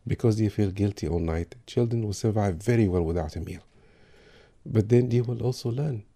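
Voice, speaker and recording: A man giving calm parenting advice with examples. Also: fairly low pitch, normal speed. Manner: calm, advisory, gives examples. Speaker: parenting speaker. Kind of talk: talk on parenting.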